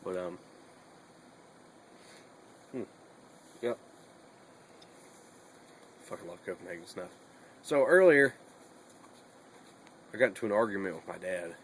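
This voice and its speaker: Rambling, cussing young man, low voice. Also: measured pace, long pauses, slight background noise, poor audio. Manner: rambling and profane, with many fillers. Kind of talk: casual vlog chat.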